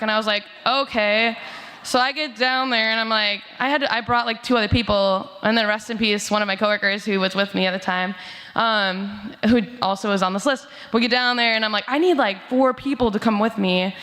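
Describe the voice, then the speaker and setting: Bright-voiced woman telling a story in a hall. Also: medium pitch, fairly even intonation, a little fast. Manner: casual storytelling with frequent likes and laughs. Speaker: outreach worker. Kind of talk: memorial remembrance story. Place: church sanctuary. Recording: echoey church hall over speakers.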